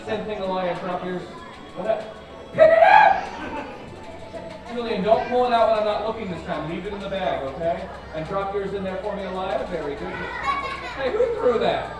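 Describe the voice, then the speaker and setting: A man performing as a children's magician at a live orchard show, playful and chanting, with mock surprise. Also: sits high. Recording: distant, echoey, with music and crowd.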